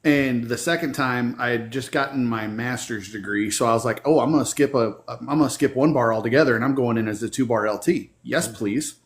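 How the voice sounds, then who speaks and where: A man's voice: medium pitch, a little fast, few pauses. A man chatting casually in a mid-range voice. He talks with dry, self-mocking humor. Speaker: podcast co-host. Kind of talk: casual chat.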